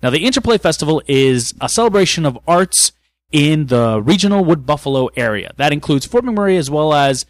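A man from Canada co-hosting a casual podcast, with a monotone, rambling manner. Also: fairly high pitch, fairly quick, dry recording. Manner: rambling, hesitant, with fillers and laughs. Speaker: podcast co-host.

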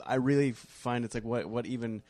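A man co-hosting a podcast, rambling and restarting his sentences as he muses out loud. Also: medium pitch, steady tone, fairly quick. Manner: rambling, hesitant, self-interrupting. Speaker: podcast co-host. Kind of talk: casual chat.

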